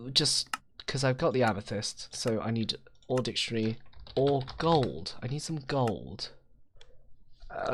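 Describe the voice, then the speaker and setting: A man's voice: mid-range voice, a little hiss or hum. A man rambling through casual game commentary, self-mocking and swearing freely. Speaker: gaming video host.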